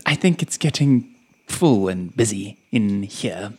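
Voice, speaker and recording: A woman playing a tabletop role-playing game, describing her character's moves in a playful, animated way and laughing often. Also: rumbling low, slow pace, slightly rough. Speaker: player.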